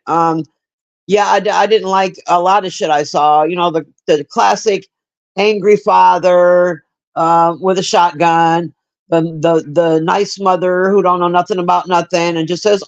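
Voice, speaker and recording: A woman's voice: on the low side, lo-fi sound. Woman, livestream movie review, blunt, swears a lot, rambling, talks to chat. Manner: chats with live viewers.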